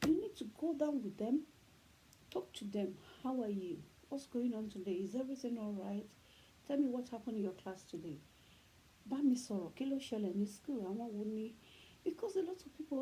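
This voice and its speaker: On a rough recording with faint background noise, a middle-aged Yoruba-accented Nigerian woman hosts a parenting talk. Her fairly high, dark-toned voice drives home her earnest advice with preachy, emphatic repetition.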